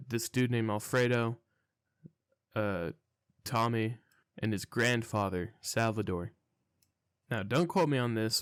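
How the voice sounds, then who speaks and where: A young man rambles through a casual story, cursing freely and sounding baffled by what happened. His voice is smooth and clear, and it sits close and dry with no room around it. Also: fairly low pitch, no room sound. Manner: profane, rambling, incredulous. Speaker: storytelling vlogger.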